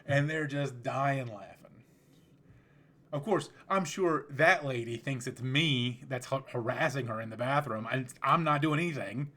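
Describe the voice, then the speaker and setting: A man hosts his own podcast, telling stories in a relaxed, rambling way. He often restarts his sentences, and his voice sits at an ordinary middle pitch. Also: a little slow. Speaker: podcast host. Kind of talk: casual storytelling.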